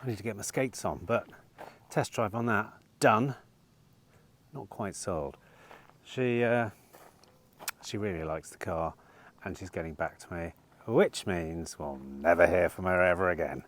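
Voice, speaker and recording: A man's voice: deep voice, a little slow, pauses often. A man, a used car dealer chatting casually to camera, telling stories with dry sarcasm and plenty of swearing. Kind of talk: casual vlog monologue.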